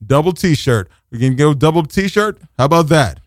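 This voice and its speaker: A man's voice: a little high, lively intonation, normal speed, dry recording, clean studio sound. Ranting New radio host man. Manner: exasperated ranting, shifts into shouted mocking voices. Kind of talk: comic rant on internet radio. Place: radio studio.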